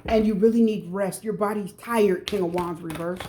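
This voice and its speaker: A woman's voice: medium pitch, normal speed, background noise. A middle-aged woman from the United States giving a pick-a-card tarot reading, chatty and emphatic, repeating her advice straight to viewers. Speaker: tarot reader.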